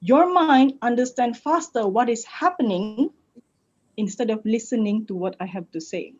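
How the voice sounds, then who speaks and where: A woman's voice: on the high side, normal speed, darkish tone. Playful Malaysian woman coaching online. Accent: Malaysian English. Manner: playful, teasing and demonstrative, swings her voice up and down. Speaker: public speaking coach. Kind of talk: online workshop talk. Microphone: video call. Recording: dull, lo-fi video call audio.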